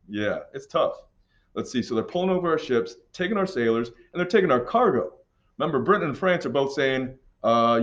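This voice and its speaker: A man's voice: on the high side, animated, a little fast, muffled recording. A man teaching a history lesson in a casual, joking way, walking students through an assignment. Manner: casual, joking, puts on silly accents for countries. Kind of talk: classroom lesson walkthrough.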